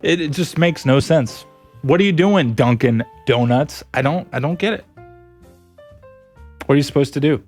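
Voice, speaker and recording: A man's voice: fairly high pitch, moderate pace, pauses often, soft background music. Giggly streamer man chatting with viewers. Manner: giggly, laughs a lot, animated. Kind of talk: casual chat reading viewer messages.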